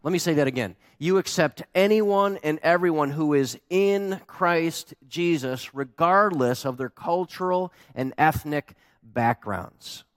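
A man preaching a sermon as pastor, telling a story with lively acted-out quotes. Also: on the high side, measured pace, dry recording, studio quality.

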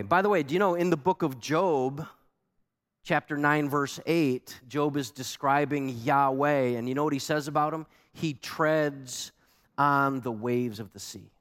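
Pastor, male, mid-pitched, lively sermon delivery with emphatic questions; long reverb of a large hall. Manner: animated preaching, rising to emphatic questions.

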